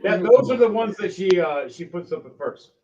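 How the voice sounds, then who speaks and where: A man narrating a tabletop game as game master, animated and quick to slip into character voices. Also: high-pitched, roomy sound, recorded from a distance. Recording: dull lo-fi sound, mic set back.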